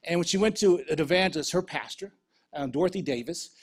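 A man preaching, telling a lively travel testimony with laughter, then leading a prayer. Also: on the high side, quick pace, slightly rough. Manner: storytelling, animated, laughs between lines.

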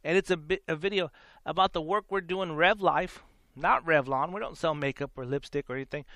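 A man's voice: on the high side, brisk, sharp tone, dry recording. A man in his forties hosting a faith talk show, telling a story in a rambling, repeating way and laughing between lines. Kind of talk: casual storytelling monologue.

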